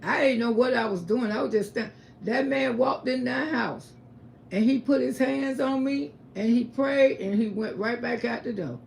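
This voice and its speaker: A woman's voice: fairly high pitch, normal speed, vocal fry, a little mellow, a little hiss or hum. A woman giving an emphatic, repetitive religious testimony on a livestream. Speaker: livestream host.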